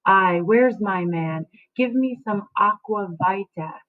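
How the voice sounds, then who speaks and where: A woman reading aloud as a grieving, indignant older female nurse, slow and emphatic. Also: mid-range voice, natural voice. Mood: bitter. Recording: tinny phone-like sound.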